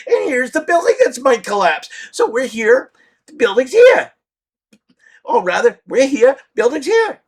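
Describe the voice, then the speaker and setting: A middle-aged man telling a comedic story with lots of swearing, shouting out his punchlines. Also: very high-pitched, big pitch swings, moderate pace, slightly rough.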